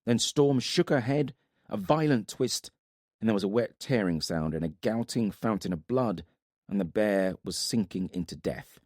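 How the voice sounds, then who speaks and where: A man narrating a fantasy audiobook in a dramatic, steady manner. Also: fairly low pitch, moderate pace, dry recording, studio quality.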